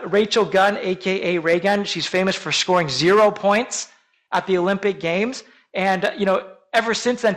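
A man preaching a sermon as pastor, earnest and measured, slowing down for emphatic phrases. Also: high voice, fairly bright tone, rough recording.

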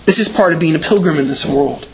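Pastor, male, high voice, emphatic sermon delivery, slight background noise. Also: fast. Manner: earnest, emphatic preaching with repeated words.

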